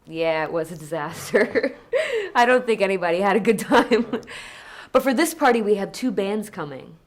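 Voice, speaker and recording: A woman's voice: medium pitch, very animated, moderate pace. A woman acting in a scripted learner dialogue as a chatty office worker who laughs easily. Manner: upbeat, chatty, laughs often. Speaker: office worker in a lesson video.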